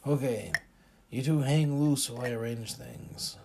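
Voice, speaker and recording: A man voicing a jovial bar bouncer in an audiobook, talking heartily and loud. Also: mid-range voice, steady tone, unhurried, vocal fry, background noise, pitched above the performer's own voice. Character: Scottish male bar bouncer, older, jovial.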